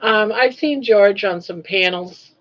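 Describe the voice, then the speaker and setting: A woman's voice: mid-range voice, slow. Older woman, livestream host, chatty, reads comments and greets viewers, muffled lo-fi sound. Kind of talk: casual livestream chat. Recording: dull lo-fi livestream audio.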